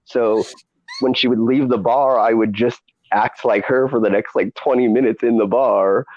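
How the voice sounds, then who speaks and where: A man's voice: medium pitch, fairly even intonation, moderate pace, darkish tone, dull audio. A man hosting a casual chat, rambling with many fillers and frequent laughs. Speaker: podcast host and streamer.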